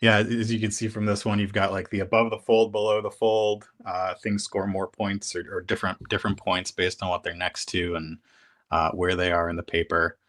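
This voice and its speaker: A man's voice: deep voice, little pitch movement, a little fast, fairly bright tone. A man appearing as a guest on a board game show over a video call, talking hesitantly with many fillers and restarts. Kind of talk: casual chat.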